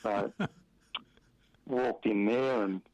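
A man's voice: lowish voice, steady tone, drawn-out words, darkish tone, slight background noise. A middle-aged Australian man from Western Australia, telling stories about his football career in a rambling interview, with lots of fillers and chuckles. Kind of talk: relaxed storytelling in an interview. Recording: dry, dull lo-fi radio audio.

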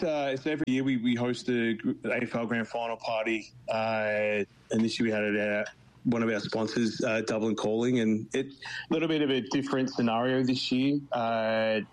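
An Australian man from Melbourne, interviewed on radio, talking in a halting way with many fillers and restarts. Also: medium pitch, steady tone, poor audio. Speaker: guest, football club official in Canada.

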